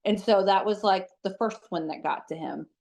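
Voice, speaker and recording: A woman who works as a psychic medium, telling stories as an interview guest in a chatty, animated way with lots of fillers. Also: mid-range voice, normal speed, creaky. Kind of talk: casual storytelling in an interview.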